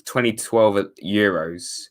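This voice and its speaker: Speaking slowly in a lowish voice, a young man from England hosts a casual watchalong live stream. He rambles, corrects himself, and responds to viewer comments with dry, sarcastic asides.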